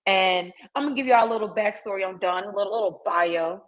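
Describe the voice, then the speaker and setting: A woman's voice: mid-range voice, fast. Brief: upbeat woman podcast host, mid-range voice, slangy and hype, muffled lo-fi recording. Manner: hype, slangy, talks straight to listeners. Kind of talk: casual podcast chat. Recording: dull lo-fi recording.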